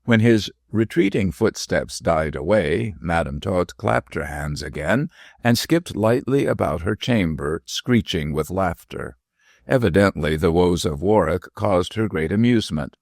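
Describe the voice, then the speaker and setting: Man, audiobook narrator, very deep, gravelly, expressive pitch, dry close sound. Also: a little slow, dry recording. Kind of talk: scripted narration.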